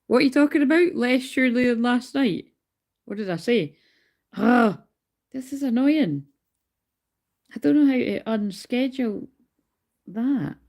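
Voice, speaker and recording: Scottish woman, tarot reader on a live stream, talking from bed, tired and rambling, curses freely, gravelly fry in the voice. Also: on the high side, expressive, unhurried, long pauses, a little mellow. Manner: chatty, rambling, swears casually. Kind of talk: casual live stream chat. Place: in bed at home.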